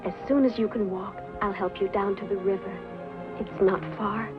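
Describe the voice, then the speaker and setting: An actress playing a gentle young woman who nurses a soldier in a 1960s film dub, speaking in a soft, obliging way. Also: mid-range voice, steady tone, normal speed, close to an everyday voice. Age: young adult. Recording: dull old film sound with music.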